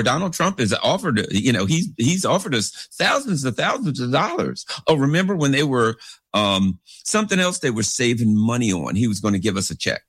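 A husky-voiced man riffing through a casual commentary, his pitch leaping high and dropping low as he rambles. His voice sits low and close in a dry, dead space. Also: no echo. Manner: rambling, animated, swoops into big pitch jumps; acts out characters in anecdotes.

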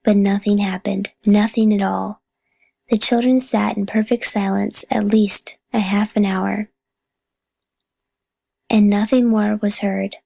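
A woman narrating a children's chapter book in a calm, steady reading voice. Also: mid-range voice, slow, vocal fry, long pauses, no echo, poor audio. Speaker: audiobook reader. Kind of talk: storybook narration.

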